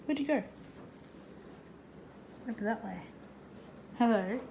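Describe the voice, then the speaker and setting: A woman's voice: fairly high pitch, slow pace, vocal fry, dark tone, slight background noise. A woman vlogging in a chatty, casual way, cooing at her pets. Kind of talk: casual vlog chat. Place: outdoors in front of an ice cream shop, then at home.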